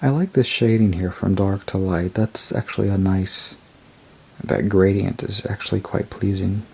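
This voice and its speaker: A man casually reviewing a tarot deck, rambling and unhurried as he describes each card. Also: sits low, fairly even intonation, gravelly, darkish tone, husky. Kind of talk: casual show-and-tell review.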